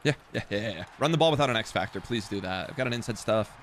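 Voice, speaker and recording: A man's voice: on the low side, lively intonation, rapid-fire, soft background music. A young man muttering casual commentary to himself while streaming a football video game, self-deprecating and swearing.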